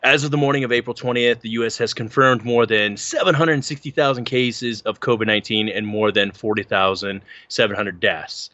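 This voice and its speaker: A man's voice: medium pitch, a little fast, few pauses, dry recording, highs cut off. A man co-hosting a casual podcast, chatting and reading articles aloud, tripping over words as he goes. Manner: animated, stumbles over words while reading. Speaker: podcast co-host.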